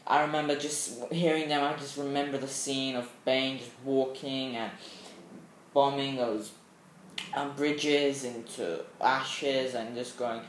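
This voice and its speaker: Excitable rambling man in an echoey room. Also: mid-range voice, a little slow, a little hiss or hum. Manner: excitable and rambling, with many fillers and sound effects. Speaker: movie fan vlogger. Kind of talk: casual film review chat.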